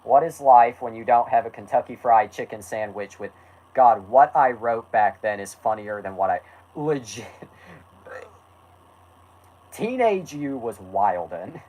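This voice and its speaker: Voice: medium pitch, lively intonation, measured pace, long pauses, darkish tone, rough recording. A host reading an old story aloud as a joke, with laughs and self-mocking asides. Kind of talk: comic read-aloud with asides.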